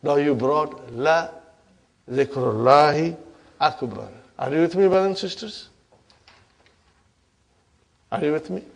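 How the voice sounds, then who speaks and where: A man's voice: on the high side, slow, gravelly, long pauses. A man whose first language is Urdu teaches an Arabic grammar lesson, questioning the class and checking in often. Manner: keeps checking in with "huh?" and asks the class questions.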